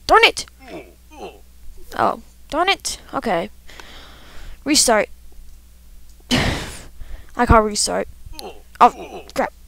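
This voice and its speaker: A woman's voice: fairly high pitch, animated, drawn-out words, vocal fry, long pauses, a bit bright. A woman giving let's play commentary, talking to herself with frequent frustrated outbursts as she plays. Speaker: gamer.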